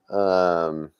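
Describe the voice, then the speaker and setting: A man hosting a livestream in an upbeat way, with many halting restarts and "uh"s. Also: low voice, slight background noise. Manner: halting, filler-heavy, upbeat. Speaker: livestream host.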